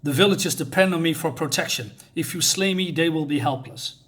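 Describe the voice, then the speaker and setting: An ancient troll guardian in armor, weary and worn by centuries, read out by a man. The lines come in an everyday, slightly high voice. They are read plainly, with small halting restarts. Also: fairly bright tone, close to an everyday voice.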